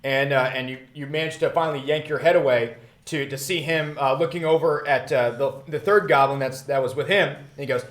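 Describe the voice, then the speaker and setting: A man's voice: a little high, fairly even intonation, a little fast. A young man narrating as game master in a tabletop game he streams, rambling along with many fillers and breaking into laughs. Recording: roomy echo.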